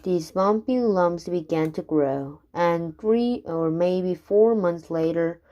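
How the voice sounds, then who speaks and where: Woman reading rhyming kids' poems aloud; lowish voice, very slow, the odd stumble and restart. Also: mellow, highs cut off. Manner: unhurried, with occasional stumbles and restarts. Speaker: reader.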